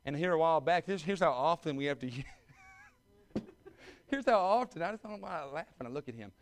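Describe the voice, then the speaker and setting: A man, preaching a sermon with folksy humor that builds to loud, fervent exhortation. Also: on the high side, expressive, fast talker, a little hiss or hum. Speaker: pastor.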